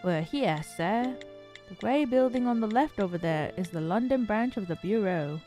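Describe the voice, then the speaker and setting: A woman's voice: mid-range voice, animated, normal speed, dark tone, faint music behind, lightly acted. A woman voicing a polite, knowing male taxi driver, reading game dialogue aloud in a courteous, formal manner.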